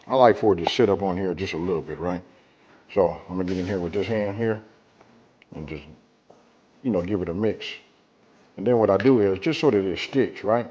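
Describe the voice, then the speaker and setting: A man's voice: low-pitched, brisk, pauses often, darkish tone, husky, dull audio. A man hosting a casual cooking demonstration, talking straight to viewers in a laid-back, colloquial way and checking in with them often. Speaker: cooking show host.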